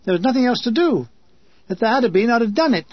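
A man narrates a memoir with dry, deadpan humour. His voice is high and husky. The recording sounds dull and lo-fi, with a close, dry sound. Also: quick pace, dry recording. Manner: dry comic storytelling.

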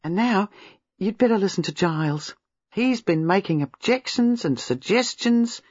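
A reader playing an eager young woman from a storybook, breathless and impulsive, her voice lively and a little husky. The reading sounds dry and dull. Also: medium pitch, a little slow, no echo, pitched above the performer's own voice. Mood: earnest.

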